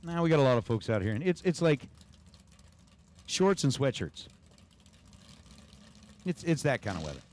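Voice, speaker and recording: A man's voice: mid-range voice, sing-song, moderate pace, long pauses, darkish tone. Chatty man calling drag races. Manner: chatty, reads viewer chat aloud between races. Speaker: race announcer. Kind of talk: livestream race commentary with chat.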